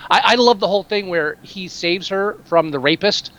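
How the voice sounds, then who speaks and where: A man with a notably high speaking voice, talking a film over in a loose, rambling way. He restarts his sentences often and swears casually. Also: normal speed, a bit bright, dull audio. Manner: rambling, frequent restarts, profane. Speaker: podcast co-host.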